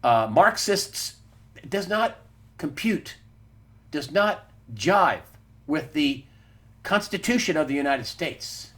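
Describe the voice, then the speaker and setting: A male host delivers a weekly news commentary in a combative, emphatic way and talks straight to his audience. His voice sits a little high for a man. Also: animated, takes it slowly, pauses often, fairly bright tone. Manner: emphatic, combative, addresses listeners as folks. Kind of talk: opinionated political news commentary.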